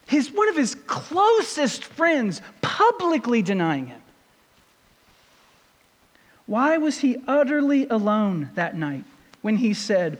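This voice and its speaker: Preacher, male, very high and animated voice, repeated rhetorical questions, long hall reverb. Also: takes it slowly. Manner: rhetorical questions, building intensity. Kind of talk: sermon.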